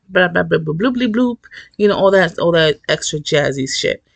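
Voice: medium pitch, animated, normal speed, vocal fry, dry recording. A person casually recapping a novel in a rambling, profane, candid way with lots of fillers. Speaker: book reviewer. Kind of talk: casual book recap vlog.

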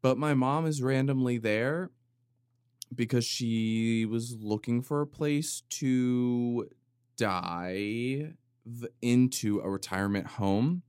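A man's voice: mid-range voice, slow pace, a little mellow, smooth, dry recording. Rambling jokey man on a dry mic. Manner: rambling, self-interrupting, jokey and dramatic. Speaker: podcast host. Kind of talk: casual comedic monologue. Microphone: studio microphone with compressor.

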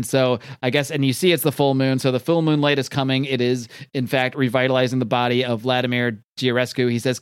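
A man's voice: mid-range voice, fairly even intonation, a little fast, clean tone, dry recording, studio quality. A man casually recapping a comic book in a loose, rambling, profane way.

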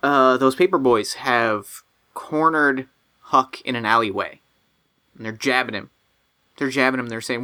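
A man's voice: mid-range voice, a little slow, long pauses, bright, forceful tone, smooth. A man running a tabletop role-playing game, narrating scenes casually with lots of fillers and restarts. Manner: casual, filler-heavy, playful. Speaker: game master.

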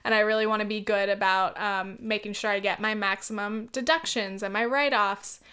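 Rambling, smooth-voiced young woman vlogger. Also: medium pitch, steady tone, moderate pace, sharp tone. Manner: rambling, filler-heavy, with many ums and likes. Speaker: YouTuber. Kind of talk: casual chat to camera.

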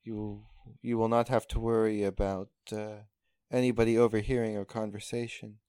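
A man voicing a calm, ancient ocean spirit in a soft, hushed, soothing way. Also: lowish voice, moderate pace, clear, resonant tone, no room sound, studio quality, close to an everyday voice.

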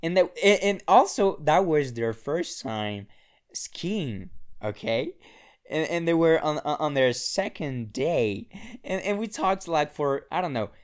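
Speaking solo into his own podcast microphone from a mountain apartment, a young male host has a slightly high voice with big pitch swings, a measured pace, and a clear, resonant tone. His casual monologue rambles, swears, and keeps restarting.

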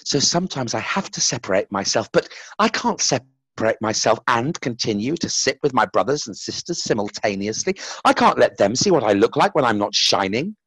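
A man voicing a vain, defiant and lonely male angel who boasts loudly and then speaks in a hushed, secretive way, in a husky voice. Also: mid-range voice, very animated, fairly quick, no room sound, full character voice. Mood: hushed, confessing.

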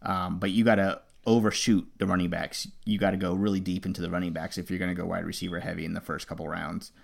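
A man co-hosting a podcast, reading listener mail and chatting in a halting way. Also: deep voice, little pitch movement, vocal fry. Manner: halting, with restarts and fillers. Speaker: podcast co-host. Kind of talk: casual fantasy football chat.

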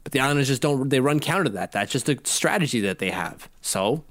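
A man co-hosting a casual sports podcast, chatty and quick to laugh. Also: medium pitch, expressive, a bit bright, no room sound. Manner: chatty, laughs easily, quizzing his co-host. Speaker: podcast co-host.

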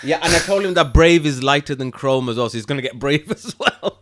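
A man's voice: a little high, lively intonation, fairly quick, a crowd in the background. A man with a British accent chatting casually on a podcast, rambling with frequent restarts. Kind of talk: casual chat.

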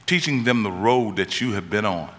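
A man preaching a sermon in a church, his voice lower-pitched but bright and forceful. He tells stories and climbs to urgent, high peaks at the key moments. A long hall reverb trails behind every line. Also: moderate pace.

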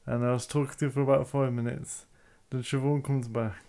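A man's voice: mid-range voice, a little fast, creaky. A man, co-hosting a casual chat and telling stories animatedly. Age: 30s. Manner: animated storytelling, acts out quoted people. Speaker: podcast co-host.

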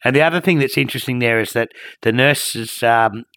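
A man's voice: mid-range voice, a little fast, fairly bright tone, dry recording. Male podcast co-host, casual talk, some restarts, dry close mic. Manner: conversational, with hesitant restarts.

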